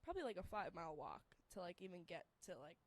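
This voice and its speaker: A young woman telling a story in casual chat, rambling with many fillers and turning shrill and laughing when excited. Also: very fast.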